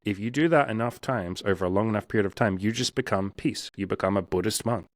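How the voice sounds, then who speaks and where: Male coach, lowish voice, dry close mic; frank, profane, plays out inner voices. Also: quick pace, dry recording. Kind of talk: casual interview talk.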